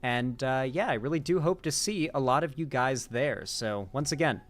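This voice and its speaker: A man's voice: medium pitch, lively intonation, moderate pace. A young man hosting a live stream, chatting casually and sleepily with his chat and reading out donations as he wraps up. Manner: laid-back, rambling, thanks chat and reads donations aloud. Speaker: political commentary streamer.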